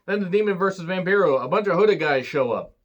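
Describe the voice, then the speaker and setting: A man's voice: high-pitched, expressive, fast talker, muffled recording. Sarcastic man recapping wrestling. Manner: sarcastic, swears freely. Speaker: wrestling reviewer. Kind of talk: casual recap commentary.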